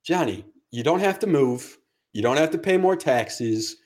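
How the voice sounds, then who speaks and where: A man's voice: fairly high pitch, lively intonation, measured pace, darkish tone. A man co-hosting a podcast, talking sports in a blunt, sarcastic way and swearing casually. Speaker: podcast co-host.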